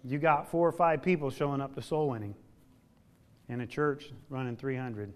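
With a steady tone at normal speed, this man gives a folksy sermon, alternating loud emphatic lines with hushed, low ones and stretching key words for weight.

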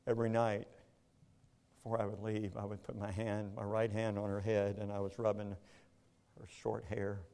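A man's voice: on the low side, level tone, moderate pace, vocal fry, dark tone. A man, telling a personal story in an earnest, plainspoken way. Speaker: speaker telling his story. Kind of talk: personal testimony.

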